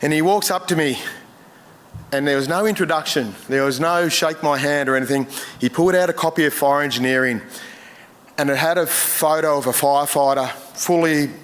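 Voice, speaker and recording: An Australian man giving a eulogy full of personal stories, emotional and struggling to hold it together, with many pauses and fillers. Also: on the high side, a bit bright. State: choked up. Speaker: memorial speaker.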